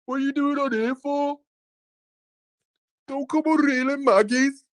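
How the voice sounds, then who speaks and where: A man doing a furious cursing guy w a birmingham accent, way up high in pitch. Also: fairly even intonation, unhurried. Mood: ranting. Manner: ranting, cursing. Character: angry swearing man from the chat.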